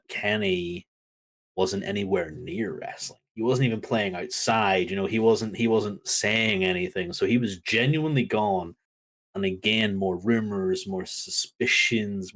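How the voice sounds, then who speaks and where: A man co-hosting a casual wrestling chat, telling stories with lively acted-out reactions. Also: deep voice. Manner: animated storytelling, acts out crowd reactions. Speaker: podcast co-host.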